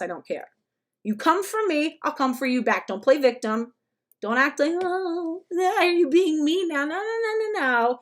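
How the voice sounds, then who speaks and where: A woman with a notably high-pitched voice delivers reaction commentary as a rant. She is blunt and emphatic and swears freely. She now and then mocks others in short put-on quotes. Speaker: commentary vlogger.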